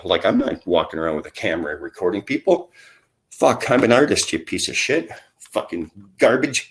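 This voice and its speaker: A man's voice: medium pitch, expressive, normal speed. A middle-aged man, ranting to camera in a rambling, heavily profane vlog full of insults. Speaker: vlogger. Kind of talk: angry profane rant to camera.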